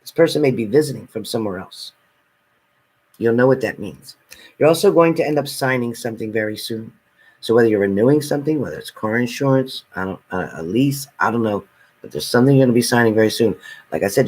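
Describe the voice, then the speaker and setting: A man's voice: mid-range voice, animated, quick pace, husky, poor audio. Chatty man giving tarot readings. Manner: chatty, reassuring, talks directly to viewers by name. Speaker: tarot reader. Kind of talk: live-stream tarot reading and chat with viewers.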